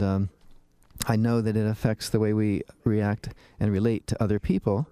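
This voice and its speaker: A man's voice: fairly low pitch, vocal fry, mellow, dry recording. A man hosting a radio talk show as a dentist, chatting in a rambling way with fillers and restarts from a studio.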